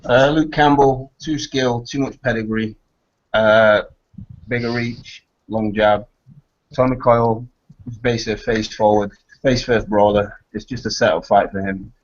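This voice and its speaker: A man with a low voice, a guest in a casual online hangout, makes his case in short, clipped points. He sounds distant on dull, lo-fi audio. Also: steady tone, a little slow. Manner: terse, lists clipped points.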